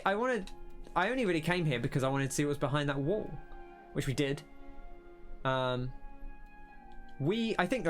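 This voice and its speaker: A young man talks through his gameplay in a loose, musing way, often stopping to rethink. His voice sits a bit high for a man. Soft game music plays faintly underneath. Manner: musing, rambling, self-interrupting. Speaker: let's play host. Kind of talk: casual gameplay commentary.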